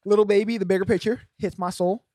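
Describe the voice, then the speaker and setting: A man co-hosting a podcast in casual chat, relaxed and matter-of-fact with fillers. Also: high-pitched, brisk, no room sound, studio quality. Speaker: podcast co-host.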